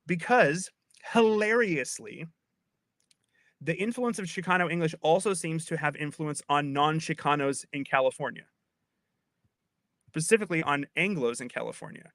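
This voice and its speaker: A man in his thirties, a linguist guest, explaining in an animated, chatty way with frequent restarts. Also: on the high side, normal speed, pauses often, no echo. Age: 30s. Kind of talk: casual explanatory chat.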